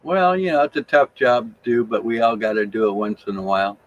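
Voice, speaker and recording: A man's voice: mid-range voice, a little fast, lo-fi sound. A man chiming in with short, wry remarks during a casual family chat. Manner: brief wry interjections.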